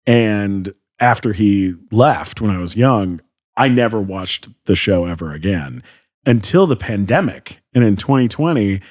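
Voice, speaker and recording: A man's voice: on the low side, lively intonation, unhurried, a little mellow. A man from Canada telling a story casually as a podcast guest, acting out quotes and using many fillers.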